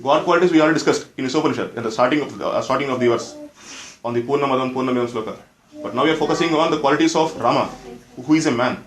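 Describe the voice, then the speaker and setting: A man's voice: medium pitch, rapid-fire. A man giving a scripture class, explaining in plain terms, repeating points for emphasis and asking the audience questions. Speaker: religious teacher. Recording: echoey room.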